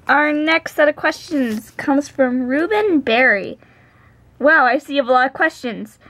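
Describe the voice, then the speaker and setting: A woman's voice: high voice, unhurried, fairly bright tone, no room sound. A woman hosting a casual question session, playfully reading questions aloud. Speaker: host asking questions.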